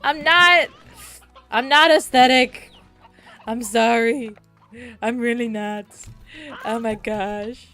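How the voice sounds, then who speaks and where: A woman streaming a game, chatting casually and getting excited easily, with giggles. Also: a little high, slow pace, pauses often, soft background music. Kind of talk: casual gameplay stream chat.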